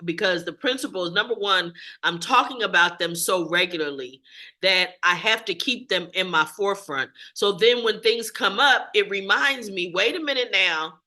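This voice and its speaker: A woman who facilitates a support group, telling her own story in a frank, animated, self-mocking way. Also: mid-range voice. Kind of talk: candid group share.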